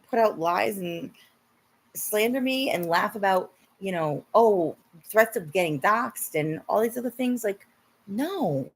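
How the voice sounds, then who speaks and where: A woman hosting a casual livestream, talking to her viewers and guests in an animated way, swearing often and mocking her critics in put-on voices. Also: fairly high pitch, creaky. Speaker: livestream host.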